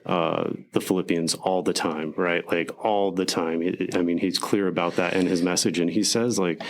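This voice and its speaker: A man's voice: deep voice, fairly even intonation, moderate pace. A man co-hosting a podcast, telling a story in a rambling casual way with lots of fillers. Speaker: podcast co-host. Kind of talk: casual chat.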